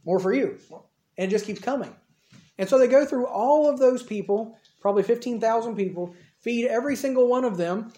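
Mellow-voiced man preaching in a roomy hall. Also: very high voice, a little fast. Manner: conversational, acts out dialogue in the retelling. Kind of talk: storytelling sermon. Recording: roomy echo.

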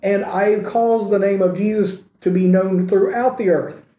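A man preaching a sermon with earnest emphasis, swinging between raised emphatic points and quiet, soft asides. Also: high-pitched, steady tone, unhurried, roomy sound. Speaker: pastor.

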